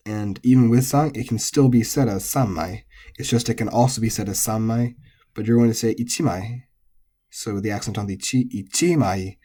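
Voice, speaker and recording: A man teaching a lesson on pitch accent, explaining patiently and repeating example words slowly. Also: mellow, breathy edge. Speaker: language teacher.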